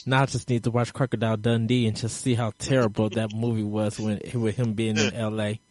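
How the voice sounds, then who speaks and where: A man's voice: fairly low pitch, level tone, a little fast, a little mellow, no room sound. A man hosting a casual gaming podcast, rambling along with frequent ums and uhs. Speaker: podcast host.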